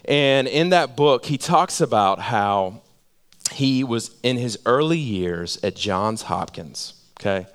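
A male pastor preaching a sermon in a conversational way, repeating phrases for emphasis and dropping to a hush. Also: medium pitch, expressive, takes it slowly, clear, resonant tone. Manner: conversational, repeats phrases for emphasis, swings between loud and hushed.

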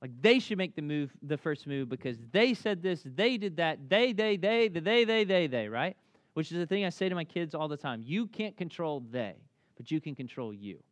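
A man in his thirties preaching a sermon, animated, telling family stories and acting out voices. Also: on the high side, normal speed, no room sound. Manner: animated storytelling, acts out voices. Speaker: pastor.

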